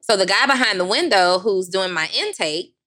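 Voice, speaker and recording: A woman co-hosting a podcast, telling a story in casual chat, animated and laughing often, acting out other people's voices. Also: medium pitch, normal speed. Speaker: podcast co-host.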